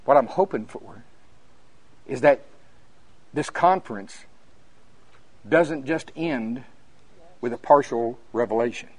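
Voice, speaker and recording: A minister preaching at a conference, telling folksy stories that climb to emphatic peaks. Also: male voice, mid-range voice, takes it slowly, long pauses, a little mellow, breathy edge, no echo. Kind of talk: conference sermon.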